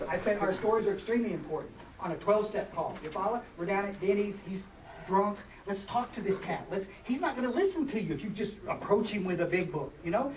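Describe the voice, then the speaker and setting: A man's voice: sits high, lively intonation, fast talker. A man with a drawl in his forties, giving a rambling, self-mocking personal talk to a recovery meeting, with many fillers and restarts. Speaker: speaker at a recovery workshop. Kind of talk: personal share to a live group. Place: meeting hall. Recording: echoey room, far from mic, noisy.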